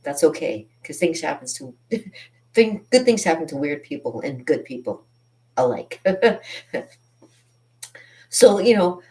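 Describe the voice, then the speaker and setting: A woman in her fifties hosts a casual comedic monologue and tells stories against herself. She rambles with many restarts and laughs at her own expense. Her speaking voice sits low. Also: sing-song, a little slow, long pauses, dark tone. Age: 50s. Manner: rambling, self-deprecating, laughs often. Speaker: artist and channel host.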